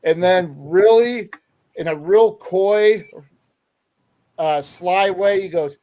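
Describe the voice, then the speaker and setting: A man with a high, slightly mellow voice speaks slowly as he hosts a sports podcast. He tells stories chattily and fills them with lots of fillers, in the style of a casual podcast interview.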